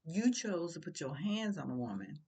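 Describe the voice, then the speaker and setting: A woman's voice: on the low side, sing-song, normal speed, dark tone, slightly rough. Blunt, preachy older woman commentator. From St. Louis. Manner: preachy and blunt, with rhetorical questions. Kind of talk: casual spoken commentary.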